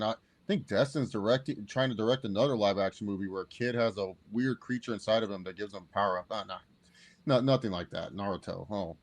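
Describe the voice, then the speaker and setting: A man chatting casually as a podcast co-host, excitable and animated as he reviews a movie. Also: mid-range voice. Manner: excitable, animated, acts out quotes.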